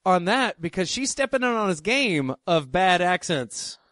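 Sarcastic, lively-pitched man co-host. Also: measured pace, no room sound, studio quality. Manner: sarcastic, jokey deadpan asides. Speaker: podcast co-host. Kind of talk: casual podcast banter.

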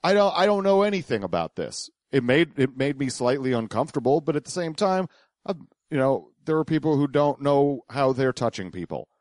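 A man's voice: mid-range voice, sing-song, a little fast, a little mellow, dry recording, clean studio sound. A man co-hosting a podcast, explaining things at length in casual commentary, with lots of restarts and acted-out quotes. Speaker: podcast co-host.

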